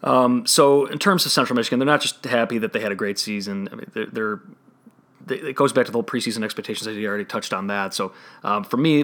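A man with a Chicago accent hosting a solo sports betting podcast, talking through analysis and often restarting his phrases. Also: fairly low pitch. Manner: analytical, restarts phrases, trails off quietly at ends.

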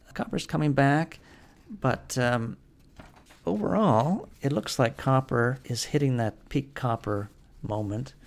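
A man's voice: medium pitch, creaky. A man hosting a podcast, giving casual market commentary in a conversational way, with frequent fillers and restarts. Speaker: podcast host.

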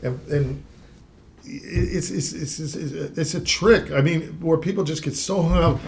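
A man's voice: fairly high pitch, a little slow, gravelly, slight background noise. A man co-hosting a Christian talk show, teaching the Bible in an earnest, conversational way and reading scripture aloud with rising emphasis.

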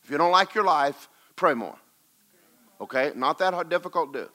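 A pastor preaches a sermon built around a personal story, moving between loud, urgent exhortation and hushed, quiet recounting. His voice is a little high and expressive, and he keeps a moderate pace.

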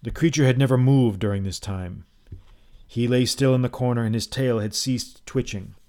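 A man telling a first-person tale in a measured, dramatic reading. His voice sits at an ordinary middle pitch for a man, and the delivery is steady storytelling narration. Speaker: audiobook narrator.

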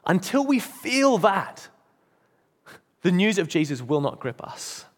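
A man's voice: big pitch swings, takes it slowly. A man preaching a sermon in an earnest, emphatic way. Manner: earnest, emphatic, drops low and soft at key points. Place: church. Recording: long church reverb.

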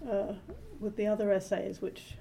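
A woman translator being interviewed, explaining her work in a measured, thoughtful way with frequent pauses and ums. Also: mid-range voice, flat delivery, creaky, mellow, a little hiss or hum. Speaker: literary translator, interview guest. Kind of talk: thoughtful academic conversation.

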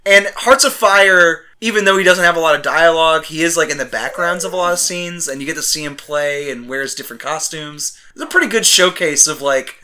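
Podcast co-host, male, bright tone, chatty and giggly. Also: fairly high pitch, brisk, few pauses, slight background noise. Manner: chatty, lots of "like", laughs often. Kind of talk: casual chat about movies.

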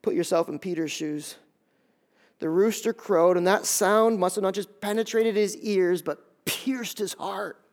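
A man preaching a sermon, animated and conversational, acting out scenes and talking straight to his listeners. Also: sits high, unhurried. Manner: animated, acts out scenes in quoted voices; conversational, talks straight to the audience. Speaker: pastor.

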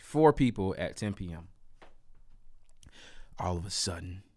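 Deep-voiced man telling a story. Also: unhurried, noisy background. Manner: animated, emphatic, repetitive asides. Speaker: storyteller vlogger. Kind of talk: casual first-person storytelling.

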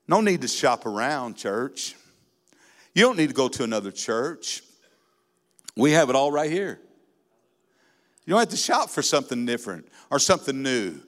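A man preaching a sermon in a church, building from steady teaching into fervent, emphatic exhortation. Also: lowish voice. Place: church sanctuary. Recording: long reverb in a hall.

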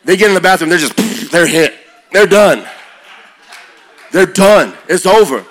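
A man preaching to young people, telling stories with rising energy and shifting to a slow, quiet prayer. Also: sits high. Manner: energetic, builds to loud excited peaks; slow and quiet when praying. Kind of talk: sermon storytelling.

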